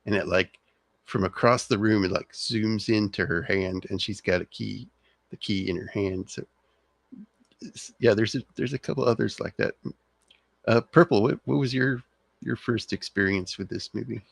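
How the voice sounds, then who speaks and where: Low, gravelly man hosting a movie chat. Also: dry recording. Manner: laid-back, halting, laughs often. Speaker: podcast host. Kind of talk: casual movie discussion.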